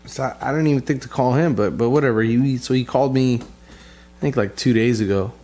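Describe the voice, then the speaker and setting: A man's voice: mid-range voice, brisk, warm tone. A man telling a rambling family story in casual talk, swearing constantly and repeating himself with frustration. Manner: profane, frustrated, rambling with many restarts and fillers. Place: lives in Texas.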